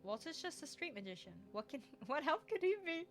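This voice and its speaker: A woman hosting a let's play, reading a visual novel's narration and lines aloud and chatting with a friend, animated with dry sarcastic asides. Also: sits high, fairly quick, faint music behind. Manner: animated, laughs often, breaks into dry sarcasm.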